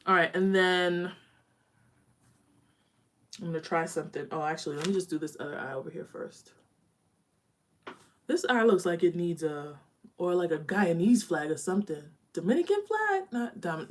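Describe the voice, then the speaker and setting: A young woman with a slightly low voice chats her way through a live makeup session from home. She is candid and easygoing, talking while she blends eyeshadow. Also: moderate pace, long pauses. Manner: chatty, candid, talks while applying makeup. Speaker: beauty vlogger. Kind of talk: casual live makeup chat.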